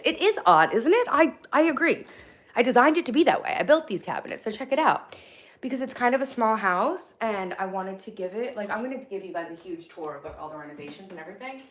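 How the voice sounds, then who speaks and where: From her kitchen at home, a woman in her thirties nursing a hangover chats on a live stream, reading and responding to comments in a blunt, chatty way that swings from loud to soft. She speaks fairly quickly at medium pitch with lively intonation.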